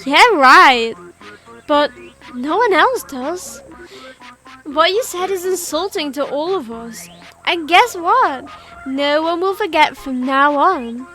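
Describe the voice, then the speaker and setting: A gleefully cruel girl host of a game show, mocking and coldly sweet, as a woman reads her lines aloud. Her voice sits very high and sing-song, teasing her victim. Faint game music plays underneath. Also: lively intonation, slow pace, sharp tone, exaggerated voice. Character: cheerful sadistic girl hosting a show. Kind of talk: reading game dialogue aloud.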